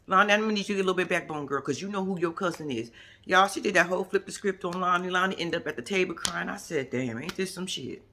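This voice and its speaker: A reality TV commentator, a woman, breaks down an episode in a laid-back vlog. She's sassy and swears freely, talking briskly while her very lively pitch jumps around as she imitates the cast's lines.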